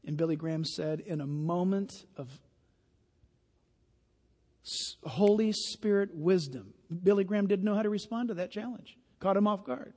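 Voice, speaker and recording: A man's voice: high-pitched, normal speed, darkish tone. A man preaching a sermon, emphatic and full of stories. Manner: emphatic, storytelling. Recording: long hall reverb.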